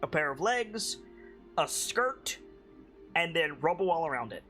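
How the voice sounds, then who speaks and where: A man's voice: a little high, very animated, measured pace, pushed and bright, soft background music. A man as game master of a tabletop game, explaining the scene loosely with many fillers.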